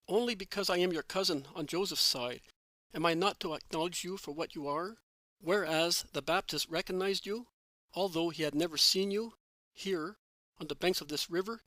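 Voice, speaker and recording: Devoted young male disciple, heartfelt, searching questions, bright tone, dry close sound, a man reading it. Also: a little high, no echo, low-quality recording.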